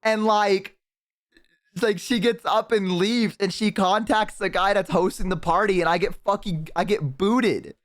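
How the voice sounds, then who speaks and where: Using a headset mic on stream, a man tells his chat a story in a loose, unhurried way, swearing heavily. His voice sits a little high for a man, and he keeps erupting into big, loud laughs.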